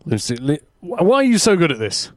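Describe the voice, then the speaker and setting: A male podcast guest stumbles and laughs his way through an improv game. His high voice leaps widely in pitch. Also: sing-song, a little fast, no echo, clean studio sound.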